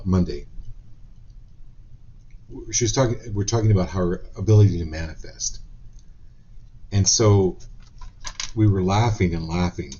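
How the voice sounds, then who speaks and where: A man hosting a live-stream card reading, telling a story in an animated, conversational way before he pulls a card. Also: low-pitched, muffled recording, slight background noise. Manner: storytelling, animated retelling of quotes. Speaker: psychic reader.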